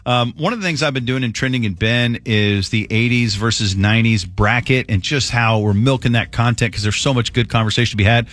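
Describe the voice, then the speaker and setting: A man's voice: mid-range voice, fairly quick, few pauses, fairly bright tone, no room sound. Man, morning radio host, from Texas, jokey banter, dry studio sound. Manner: jokey, self-mocking, hypes segments.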